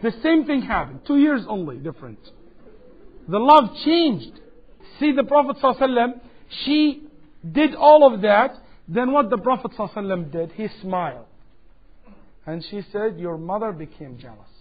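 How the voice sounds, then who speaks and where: Lecturer, male, high voice, animated storyteller; dull lo-fi tape. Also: fairly quick. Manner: animated, acts out quoted dialogue. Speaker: Islamic lecturer. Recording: dull lo-fi 2007 lecture recording.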